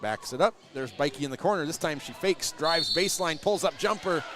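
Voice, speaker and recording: A man with a somewhat high voice calls a high school basketball game from the stands of a gym. He runs through the plays in quick bursts and raises his voice to a shout when something exciting happens. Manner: rapid play calls, shouts on big plays. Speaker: play-by-play announcer. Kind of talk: live basketball commentary.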